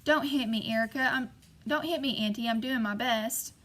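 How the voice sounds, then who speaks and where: A woman's voice: fairly high pitch, moderate pace, a bit bright, close to an everyday voice. A woman voicing a frightened young girl who pleads timidly. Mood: pleading.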